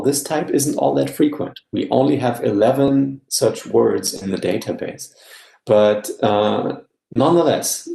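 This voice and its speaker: A man giving an academic guest lecture in a measured way, often checking in with "yeah?". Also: on the low side, creaky, warm tone, echoey room, rough recording. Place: live-streamed online talk.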